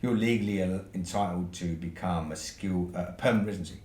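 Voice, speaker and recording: British bloke, podcast guest spinning a casual yarn, swears a lot, lowish voice, echoey room. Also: male voice, fast, a little mellow. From United Kingdom. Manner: swears freely, ends points with "right?". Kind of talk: casual storytelling. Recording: roomy echo with faint noise.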